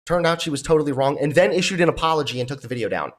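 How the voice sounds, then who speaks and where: A man's voice: on the high side, lively intonation, racing. A young man reacting to podcast clips, blunt and exasperated, cursing as he talks back to them. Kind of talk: reaction commentary.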